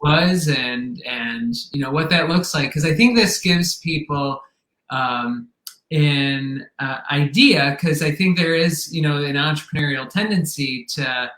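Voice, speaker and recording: A man's voice: fairly high pitch, fairly bright tone, roomy sound, low-quality recording. A man hosting an interview, reflecting at length in a loose, rambling way before handing back to his guest. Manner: rambling, many fillers and restarts. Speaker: podcast host. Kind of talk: casual interview.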